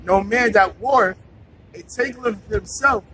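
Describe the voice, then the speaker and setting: A man reading scripture aloud slowly and deliberately for a study partner. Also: high-pitched, sharp tone, a little hiss or hum, low-quality recording. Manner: reads verses slowly and deliberately.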